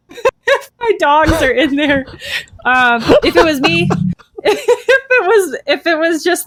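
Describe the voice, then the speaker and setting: Female podcast guest, high voice, giggly and self-mocking. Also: a bit bright. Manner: laughing, self-deprecating. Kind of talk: casual podcast chat.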